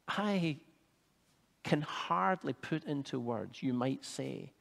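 A man preaching a sermon, measured and earnest, building to fervent emphasis. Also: mid-range voice, animated, vocal fry, fairly bright tone, long reverb tail.

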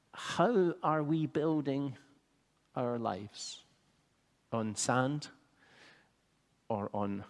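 A man preaching a sermon, measured and earnest, building to fervent emphasis. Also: mid-range voice, long reverb tail.

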